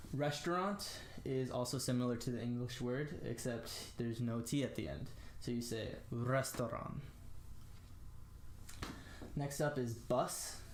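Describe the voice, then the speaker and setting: A young American man giving a casual spoken language lesson, slowly demonstrating phrases with lots of "uh" and "um". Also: mid-range voice, darkish tone, reverberant, a little hiss or hum. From United States. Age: young adult. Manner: slow, careful demonstration of phrases with frequent fillers. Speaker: language tutor.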